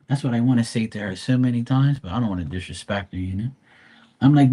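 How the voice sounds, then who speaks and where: A man's voice: medium pitch, quick pace, slightly rough. A middle-aged man hosting a live stream from home, ranting casually and profanely about his worrying parents. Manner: exasperated, profane, animated storytelling. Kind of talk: casual rant to viewers. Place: at home by a running dryer.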